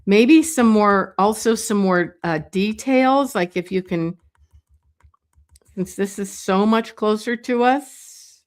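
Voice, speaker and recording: A woman slowly talks through a drawing as she makes it, in an unhurried, unpolished way. She muses aloud, restarts sentences and adds small asides to her viewers. The tone is easygoing, like a teacher sketching beside you. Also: medium pitch. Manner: thinks aloud while drawing, meandering and self-correcting; relaxed and chatty, with light laughs. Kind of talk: live drawing demonstration.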